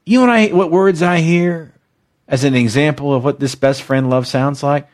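In a podcast-style devotional teaching, a man preaches with exuberant emotion and has his listeners repeat phrases back to him in call-and-response. His voice is a little high and moves at a normal speed.

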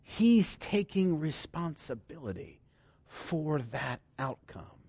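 A man preaching a sermon who swings from loud emphasis to hushed near-whispers and laughs often between points. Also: fairly high pitch, very animated, slow, vocal fry, slightly rough, dry recording.

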